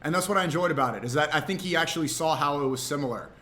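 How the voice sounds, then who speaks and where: Animated male streamer telling a story. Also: on the high side, racing. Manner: animated, rambling, frequent restarts. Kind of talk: casual storytelling on a livestream.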